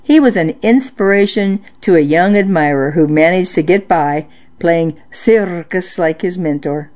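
A woman reading listener-sent nostalgic stories aloud in a measured storytelling narration. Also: on the low side, a little mellow, lo-fi sound. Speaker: story reader.

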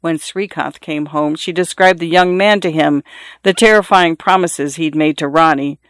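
An audiobook narrator reading literary fiction in a measured, even storytelling voice. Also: mid-range voice, no room sound, clean studio sound.

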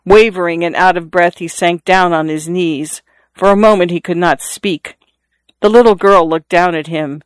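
A narrator reading a literary story aloud as an audiobook, in a measured, even storytelling manner. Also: medium pitch, clear, resonant tone, dry recording.

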